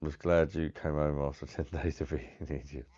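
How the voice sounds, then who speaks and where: A man with a very low voice chats loosely with his live-stream viewers, greeting them by name, laughing and swearing as he goes. The sound is dull and lo-fi. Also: little pitch movement, a little fast, darkish tone. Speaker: live-stream host reviewing beer.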